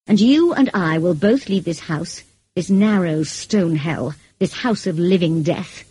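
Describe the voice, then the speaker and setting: A woman reading the lines of a brooding, passionate middle-aged gentleman in an audiobook, in an intense, pleading manner. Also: lowish voice, measured pace, husky, low-quality recording.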